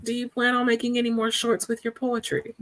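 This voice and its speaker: A woman's voice: fairly high pitch, monotone, a little fast, a little hiss or hum. A woman co-hosting a livestream, chatting casually and teasing the others playfully. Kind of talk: casual live-stream chat.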